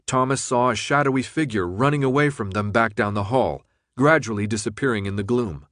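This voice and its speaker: A man narrates an audiobook in a steady, even storytelling voice of middling pitch. He is recorded close on a studio mic. The sound is dry, with no room echo. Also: fairly quick. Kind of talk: scripted narration.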